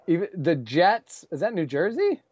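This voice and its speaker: A man's voice: high voice, big pitch swings, moderate pace, a little mellow, husky, no room sound, lo-fi sound. A man guesting on a podcast as a comedian, riffing jokily and laughing often in casual chat.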